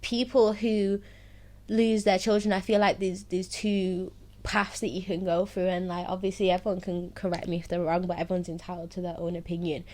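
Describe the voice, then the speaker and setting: A woman's voice: on the low side, little pitch movement, normal speed, darkish tone. A young woman telling her own story candidly, often laughing through painful memories and saying "like" a lot. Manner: heavy use of "like" and "so, yeah". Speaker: host of her own series.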